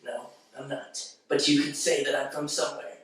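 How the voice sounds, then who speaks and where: A man's voice: on the high side, monotone, normal speed, noisy background. A young man appearing as a guest on a casual comedic film review, bantering in a joking, crude way. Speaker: guest co-host. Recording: very echoey room, distant mic.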